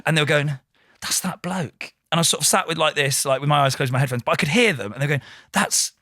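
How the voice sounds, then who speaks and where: A man and radio presenter, a guest telling quick anecdotes in casual chat, swearing now and then. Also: fairly high pitch, bright, forceful tone, dry recording, studio quality.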